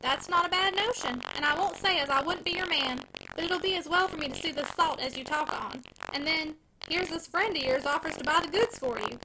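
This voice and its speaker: A woman voicing a cautious, soothing old gentleman uncle. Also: extremely high pitch, fairly quick, hardly any pauses, noisy background.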